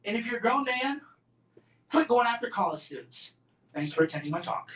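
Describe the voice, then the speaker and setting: A man's voice: extremely high pitch, sing-song, fairly quick, very noisy. A man in his forties giving a combative, sarcastic talk to a campus student group, mocking others in put-on voices. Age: 40s. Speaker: invited speaker. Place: lecture room on a college campus. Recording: roomy and distant from the mic.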